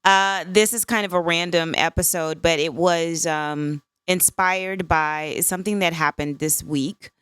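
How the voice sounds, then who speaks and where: A woman's voice: low-pitched, a bit bright, smooth, dry recording. A woman in her fifties hosting a solo podcast, talking candidly in a conversational way and often checking in with "right?". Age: 50s. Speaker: podcast host.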